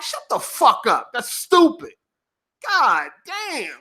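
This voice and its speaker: Guy going off at his stream chat, lots of cussing, high bright voice. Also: slow. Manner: profane, animated, reacting to chat. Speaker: podcast host. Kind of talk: casual livestream rant.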